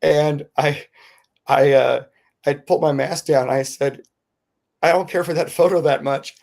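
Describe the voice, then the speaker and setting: A middle-aged man, a podcast co-host, telling a rambling, animated story in casual chat with lots of fillers. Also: fairly high pitch, unhurried, vocal fry.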